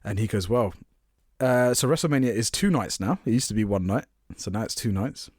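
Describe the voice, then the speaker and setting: A man's voice: fairly low pitch, brisk, darkish tone, breathy edge, dry recording, clean studio sound. A young man co-hosting a podcast, animatedly retelling a story in casual chat and laughing often. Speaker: podcast co-host.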